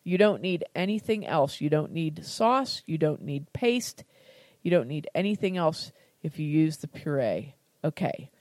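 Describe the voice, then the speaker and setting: A chatty American woman in casual conversation, her voice sitting a touch low. She jokes at herself and laughs easily as she talks a recipe through, recorded close and dry with no room around her. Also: animated, a little slow, a little mellow, no echo. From United States. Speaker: cooking podcast host. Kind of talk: casual cooking chat.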